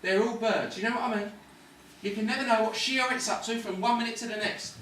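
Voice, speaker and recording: An actor's voice sits high and a bit bright, holding a steady tone at a fast clip, as he scornfully plays a cocky London ladies' man who is a cynical hospital patient lecturing in slang. It's amateur, stage-style film acting, captured from a distance in an echoey room with faint background noise.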